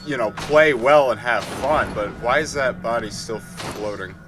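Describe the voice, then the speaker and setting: A man's voice: mid-range voice, a little slow, noisy background. Rambling man commentating gameplay. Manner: rambling, self-correcting, wry. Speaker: let's play host.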